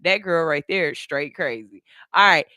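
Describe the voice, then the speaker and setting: A man's voice: fairly high pitch, moderate pace, pushed and bright, no echo, clean studio sound. A man hosting a morning radio show, chatting casually and animatedly. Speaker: radio host. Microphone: studio mic.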